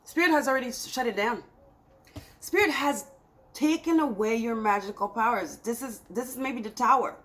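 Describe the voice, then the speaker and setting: A woman's voice: on the high side, normal speed, fairly bright tone, poor audio. A woman giving a spiritual tarot reading to her viewers, talking in an emphatic, scolding way that swings between exasperation and pleading. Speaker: tarot reader.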